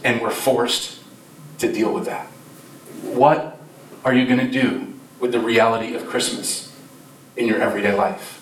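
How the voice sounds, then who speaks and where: A man's voice: mid-range voice, fairly even intonation, unhurried, long pauses, slight background noise. A male pastor preaching a Christmas sermon with passion, his voice swelling and dropping for emphasis. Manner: impassioned, rises and drops in volume for emphasis. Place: church sanctuary. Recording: roomy church sound from a distant mic.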